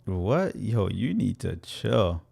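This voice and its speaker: A young man with a low, gravelly voice chats energetically through a crypto livestream. He answers viewers directly in a playful, loose way. He has some grit on the low end. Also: takes it slowly. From Canada. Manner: energetic, chatty, playful with viewers, laughs often. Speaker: crypto educator hosting a livestream.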